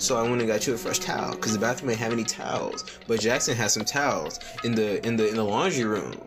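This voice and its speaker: A man's voice: on the low side, fast, few pauses, music in the background. A young man giving joking, slangy commentary while playing a text-message game, reading the messages aloud and breaking into mock singing. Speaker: gaming video creator. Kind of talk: casual gameplay commentary.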